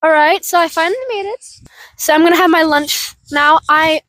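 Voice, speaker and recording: A woman's voice: very high voice, steady tone, moderate pace, fairly bright tone, no echo, rough recording. A young woman chatting casually while she walks outdoors, rambling with lots of fillers and a little out of breath. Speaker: vlogger. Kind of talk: casual vlog chat while walking. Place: outdoors on a walk.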